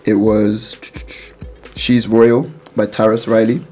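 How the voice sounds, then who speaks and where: A man's voice: fairly low pitch, level tone, takes it slowly, mellow, soft background music. A young man hosting a casual radio chat, telling stories in a slangy, laid-back way and laughing as he talks. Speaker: radio host.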